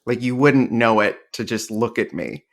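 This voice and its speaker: A man's voice: mid-range voice, moderate pace. Man telling rambling, dry comedy stories. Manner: rambling storyteller, dry and joking. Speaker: podcast guest, comedian and playwright. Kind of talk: casual interview chat.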